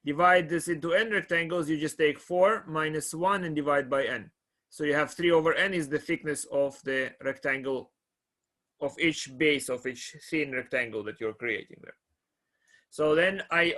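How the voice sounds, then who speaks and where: A man's voice: on the high side, moderate pace, fairly bright tone. A middle-aged man from Russia giving a calculus lecture in a conversational way, often checking that students follow. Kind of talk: classroom lecture.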